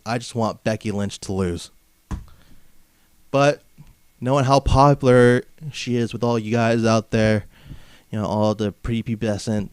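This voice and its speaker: A man's voice: medium pitch, clean tone, dry recording, clean studio sound. A man from Southern California hosting a comedic wrestling podcast, brash and mocking, padding his rants with filler phrases. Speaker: podcast host.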